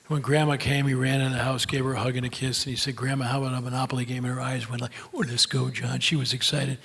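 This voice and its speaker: An older man speaks in a relaxed, folksy way, telling stories to an audience and drifting through fillers as he goes. His voice sits at an ordinary middle pitch. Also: slightly rough. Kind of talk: motivational talk with Q&A.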